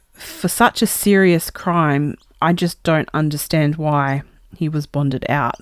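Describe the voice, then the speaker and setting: A woman's voice: low voice, clean tone, no room sound, studio quality. A woman hosting a casual live podcast, chatting and greeting viewers as she talks. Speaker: podcast host.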